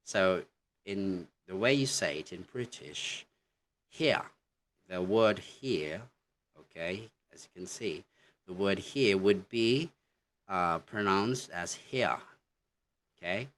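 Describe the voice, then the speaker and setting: Slow, deep-voiced man teaching pronunciation. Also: fairly bright tone. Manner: slow, repetitive, says "okay" constantly while demonstrating words. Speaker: English teacher. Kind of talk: online pronunciation lesson.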